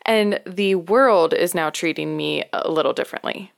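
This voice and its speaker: A woman's voice: fairly low pitch, normal speed, creaky, clear, resonant tone. A woman in her thirties from New York, a midwife co-hosting a podcast, telling candid stories in casual chat and laughing often. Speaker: co-host, midwife.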